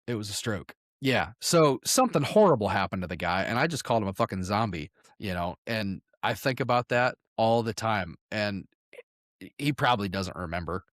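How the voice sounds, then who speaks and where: Low-ish guy rambling through crude stories, fixing himself mid-sentence, dry close sound. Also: expressive, moderate pace, a bit bright, no room sound. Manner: rambling, crude storytelling with self-corrections. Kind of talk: casual podcast chat.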